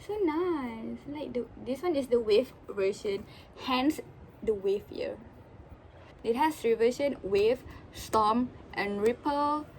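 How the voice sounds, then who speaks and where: A young woman, chatting casually as she unboxes albums, often gasping and squealing with excitement. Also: on the high side, slow pace, a little hiss or hum. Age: young adult. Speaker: vlogger.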